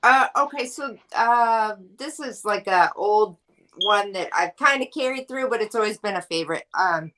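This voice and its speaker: A woman's voice: mid-range voice, normal speed, sharp tone, low-quality recording. A woman comedian telling a joke in a hesitant way, with many ums and uhs before she gets to the point. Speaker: comedian guest.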